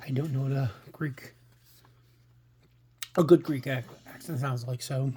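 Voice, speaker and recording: A man's voice: mid-range voice, steady tone, unhurried, long pauses, dark tone, slight background noise. A man hosting a casual comic book read-through, rambling with many fillers and restarts. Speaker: comic book channel host.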